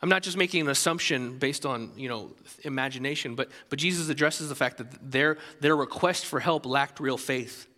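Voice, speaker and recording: A man preaching a sermon as pastor, animated and conversational, with many restarts. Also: medium pitch, moderate pace, hardly any pauses, big-room sound.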